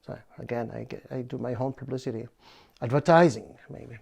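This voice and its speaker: A man from France with a French accent, hosting a bonsai video in a playful, halting way with many fillers. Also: mid-range voice, creaky, darkish tone, slightly rough. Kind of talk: casual presentation.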